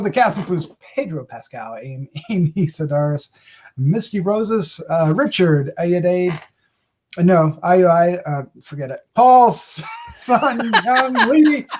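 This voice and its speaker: Guy hosting a review podcast, high voice, bubbly, laughs at his flubs. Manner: bubbly, laughs at his own slip-ups. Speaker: podcast host. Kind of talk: casual podcast chat.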